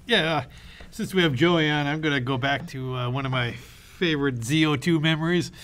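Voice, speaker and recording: A man co-hosting a podcast, telling a story in casual chat with an animated manner, swearing freely and acting out the voices of the people he quotes. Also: fairly high pitch, normal speed. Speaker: podcast co-host.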